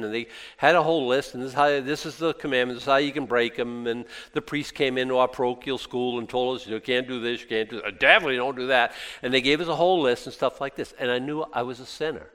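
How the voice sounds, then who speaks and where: Male pastor, expository sermon, fervent, alternates hushed and exclamatory, lively pitch. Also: big-room sound.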